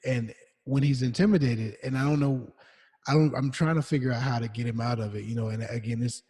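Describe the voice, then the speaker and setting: A man with a slightly husky voice talks casually on a podcast, telling stories in a loose, relaxed way. He uses lots of fillers and restarts. His voice trails off into a long reverberant echo. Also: medium pitch, fairly quick. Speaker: podcast co-host. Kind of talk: casual chat.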